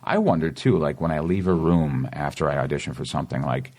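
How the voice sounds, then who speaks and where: Boston man in his 40s, interview guest, low gravelly voice, animated storyteller. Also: fast. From Massachusetts. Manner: animated storyteller, acts out quotes. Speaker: actor guest. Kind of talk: casual interview chat.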